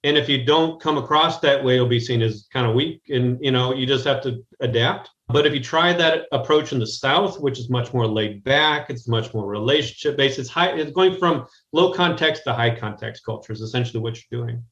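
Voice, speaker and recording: This American man, a guest business strategist on a remote call from Chicago, speaks at normal speed with hardly any pauses in a medium, slightly bright voice. He rambles directly through the interview, often restarting sentences. The room echoes and the highs are cut off.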